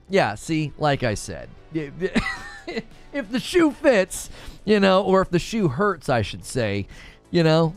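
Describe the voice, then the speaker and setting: A man hosting a casual livestream, chatting excitably, repeating himself and reacting to his chat. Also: a little high. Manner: animated, excitable, repeats himself, shouts when cheering. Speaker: livestream host.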